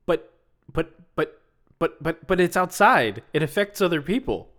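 A man co-hosting a casual podcast, cutting in with quick jokes and questions. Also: a little high, animated, fairly bright tone. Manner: quick jokey interjections. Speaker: podcast co-host. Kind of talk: casual chat.

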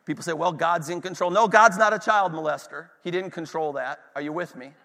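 A man's voice: a little high, fairly quick, creaky, bright, forceful tone. A man preaching a sermon, telling a story with passion and checking in with his congregation. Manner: impassioned storytelling to a congregation, asks "are you with me". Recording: long hall reverb.

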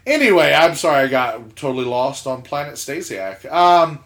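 A man's voice: a little high, normal speed. A man from South Georgia, a podcast co-host, telling a story in casual chat, laughing as he talks and acting out the lines of people in it. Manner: animated, laughs mid-sentence, acts out quotes.

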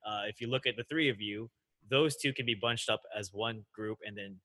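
A man's voice: on the low side, sharp tone. A man co-hosting a podcast, reading out listener questions in an easygoing, chatty way. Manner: easygoing, reads questions, quick agreeing interjections. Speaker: podcast co-host. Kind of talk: casual podcast chat.

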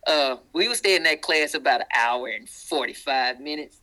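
A man with a deep Southern accent, a guest in a casual interview, telling animated stories and acting out the people he quotes. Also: normal speed, poor audio. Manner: animated, acts out quoted voices.

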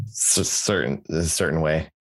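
An unhurried young man with a very deep voice co-hosts a podcast. His casual chat is sprinkled with jokey asides, fillers and restarts.

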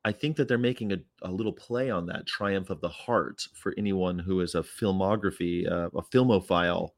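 A man in casual chat who teases his co-host with quick, stammering questions. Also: sits low, a little mellow.

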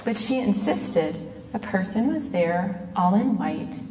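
A middle-aged woman giving an earnest personal testimony, speaking in a measured way and slowing down on quoted words. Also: medium pitch, lively intonation, dark tone. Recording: echoey hall, mic at a distance.

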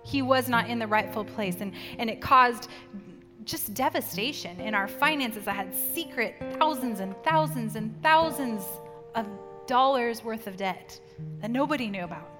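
A woman's voice: on the high side, expressive, moderate pace. A middle-aged woman preaching a sermon and telling a personal story in an earnest way, acting out voices as she quotes them. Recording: long hall reverb with music behind. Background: soft guitar music.

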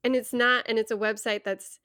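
A woman's voice: on the high side, steady tone, brisk, pushed and bright, clear, resonant tone, dry recording, studio quality. A young adult woman co-hosting a podcast, talking frankly and earnestly with frequent laughs. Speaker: podcast co-host. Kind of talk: casual chat.

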